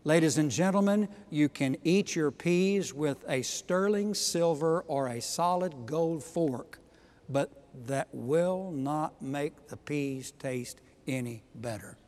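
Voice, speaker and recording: A man preaching a sermon, emphatic, swinging from quiet asides to loud exhortations. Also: fairly high pitch, takes it slowly, big-room sound. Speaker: pastor.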